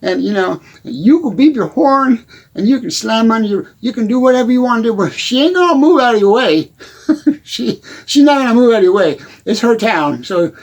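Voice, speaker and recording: Man putting on a country hick voice, rambling, stammering, folksy, high-pitched, character comedy monologue. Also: animated, moderate pace.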